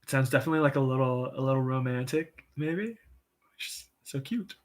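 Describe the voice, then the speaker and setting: A man hosting a casual livestream, reading viewer comments with an upbeat, encouraging manner, lots of "um" and soft laughs. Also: mid-range voice, a little fast. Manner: chatty and enthusiastic, frequent "um" and soft laughs; says "y'all", upbeat and encouraging. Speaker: livestream write-in host.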